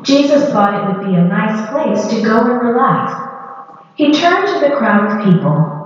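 A woman narrating a children's Bible story in a gentle, expressive read-aloud way. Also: fairly high pitch, normal speed. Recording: echoey hall, dull lo-fi.

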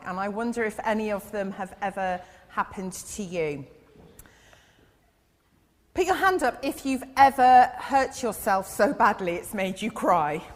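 A woman giving a gentle children's sermon in church, asking her listeners questions as she goes. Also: medium pitch. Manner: gentle, asks the audience questions. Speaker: church speaker giving an all-age talk. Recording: long reverb in a big hall.

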